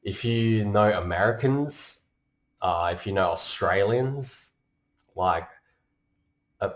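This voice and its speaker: Man from Taiwan, astrologer, deep voice, rambling casual talk, roomy echo. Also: slow, pauses often. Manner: rambling and conversational, with many fillers. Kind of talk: casual explanation during a chart reading.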